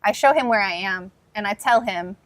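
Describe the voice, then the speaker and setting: A woman's voice: mid-range voice, moderate pace, fairly bright tone, a little hiss or hum, low-quality recording. A woman playing a tabletop game, speaking tentatively and thinking aloud as she plans her character's moves. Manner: tentative, thinks aloud with restarts while planning. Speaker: player.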